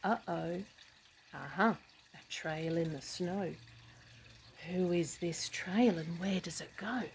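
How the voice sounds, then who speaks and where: A woman reading a picture book aloud to children, animated, with gasps, hushed asides and questions to the listener. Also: fairly low pitch, slow pace, slight background noise, low-quality recording. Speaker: storybook reader.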